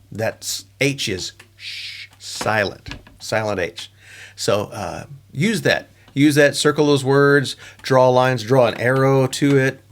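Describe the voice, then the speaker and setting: A middle-aged man talks through his teaching tips in a loose, conversational monologue. His voice sits at an ordinary middle pitch, and he wanders into asides and fillers as he goes. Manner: relaxed, chatty, with frequent fillers and asides. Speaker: online English teacher giving tips.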